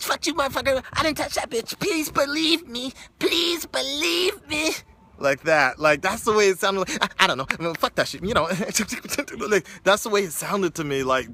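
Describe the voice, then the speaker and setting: A man's voice: on the low side, pushed and bright, slight background noise. A young man in a hotel room talking in a rambling, profane, meandering casual monologue to his viewers. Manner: profane, meandering, frequent restarts. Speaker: streamer vlogger.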